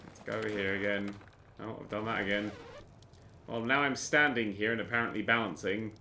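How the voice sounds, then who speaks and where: A man's voice: fairly low pitch, steady tone, brisk, sharp tone, slight background noise. A British man giving sarcastic, sweary commentary while playing a game, exasperated and ranting. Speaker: gaming YouTuber.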